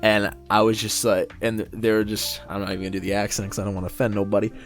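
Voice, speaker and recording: Young male co-host, lowish voice, animated, profane storyteller, faint music underneath. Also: fast. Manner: animated, swears freely, acts out quotes. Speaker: podcast co-host. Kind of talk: casual storytelling chat.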